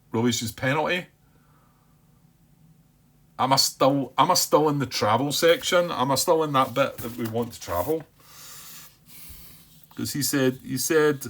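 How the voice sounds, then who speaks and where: A man talks through a solo board game, reasoning aloud in a hesitant, self-questioning way. He repeats words as he goes and tells himself to calm down by name. His voice sits at an ordinary, middle pitch. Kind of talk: thinking-aloud playthrough commentary.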